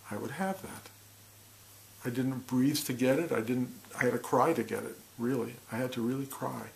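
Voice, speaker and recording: Soft-spoken man, slow reflective talk. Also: medium pitch, vocal fry, low-quality recording. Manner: slow, soft, intimate, drops to near whispers.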